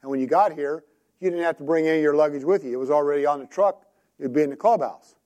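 A man's voice: fairly high pitch, fast, a little mellow. A man preaching a sermon in a conversational, storytelling way, often asking his listeners direct questions.

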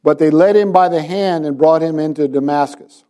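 A man's voice: a little high, normal speed, warm tone. A man preaching a sermon to a congregation, retelling scripture and asking his listeners direct questions. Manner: dramatizes scripture with quoted voices. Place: church.

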